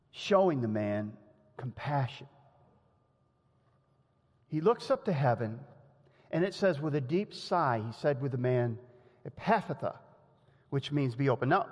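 A man preaching a sermon in a lively, conversational way, often laughing and acting out the quotes he tells. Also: mid-range voice. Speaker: pastor. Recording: long hall reverb.

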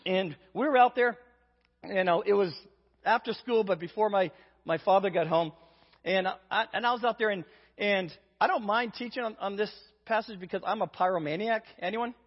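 A preacher from Indiana, US, with a high-pitched voice at a moderate pace, tells a funny personal story in his sermon, acting out the voices with self-deprecating humor. It's a dull lo-fi recording made in a reverberant hall.

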